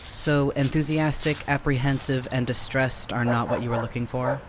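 Casting: a man playing a deadpan, formal, sardonic companion, mid-pitched, audio drama. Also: normal speed, noisy background, close to an everyday voice. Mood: dry. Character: dry, sardonic, verbose male companion.

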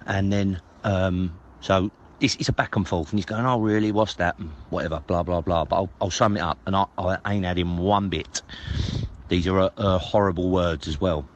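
A man's voice: low voice, fairly even intonation, normal speed, dull audio, slight background noise. A man, retelling a story casually, hesitant with lots of ums and restarts.

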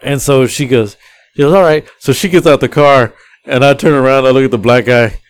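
A man's voice: mid-range voice, steady tone, a little fast, clear, resonant tone. A man hosting a podcast, telling a story casually and profanely, acting out the people he quotes. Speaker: podcast host.

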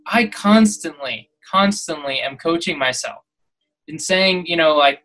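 A man's voice: fairly high pitch, expressive, unhurried, a bit bright, poor audio. A man talks straight to his podcast listeners in a motivational monologue. He preaches and exhorts, and he keeps pushing his voice up to emphatic peaks. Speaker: podcast host.

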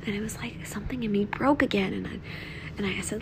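A young woman hosting a reflective devotional talk from home, soft and earnest, often dropping to a near-whisper. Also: medium pitch, fast, background noise. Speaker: podcast host.

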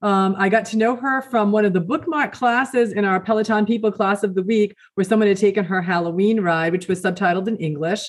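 A woman's voice: medium pitch, steady tone, a little fast, hardly any pauses. A woman co-hosting a podcast, chatting casually with fillers. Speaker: podcast co-host. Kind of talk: casual chat.

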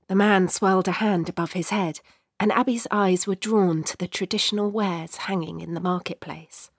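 A woman narrating a short story in a measured, expressive way. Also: on the low side, slightly rough, no room sound, studio quality.

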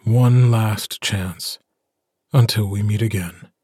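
A man voicing a gentle, steady male alpha werewolf, speaking in a soft, slow, soothing way. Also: lowish voice, slightly rough, no echo, studio quality. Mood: tender.

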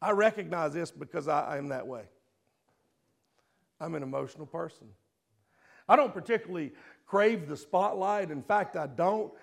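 A middle-aged man preaching a sermon with emotion, swinging between loud passages and hushed ones. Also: fairly high pitch, moderate pace, gravelly, pauses often.

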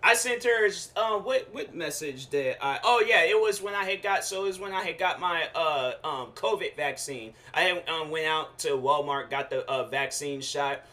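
A young man with a bright, forceful voice that sits a bit high for a man, telling a frustrated story on his podcast. He talks in a loose, slangy way, full of fillers and quick asides. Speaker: podcast host. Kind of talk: casual rant.

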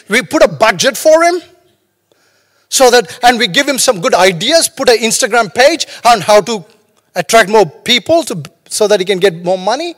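Guy pastor preaching, really high voice, echoes around a big church. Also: lively intonation, normal speed, fairly bright tone. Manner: humorous, conversational preaching with storytelling asides. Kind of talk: sermon.

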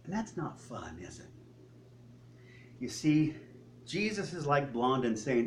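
Male pastor, sermon, casual and conversational, animated pitch, middle register. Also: takes it slowly, long pauses, slight background noise. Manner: conversational, asks the congregation rhetorical questions.

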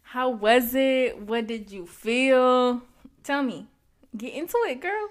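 A woman's voice: sits high, takes it slowly. A young woman from co-hosting a casual podcast chat, playful and swearing freely. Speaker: podcast co-host.

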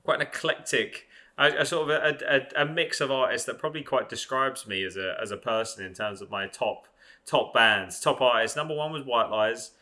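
A young man hosts a podcast in loose, casual chat. His voice is bright and forward, mid-pitched for a man, and he rambles with plenty of fillers and restarts. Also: animated, moderate pace. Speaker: podcast host.

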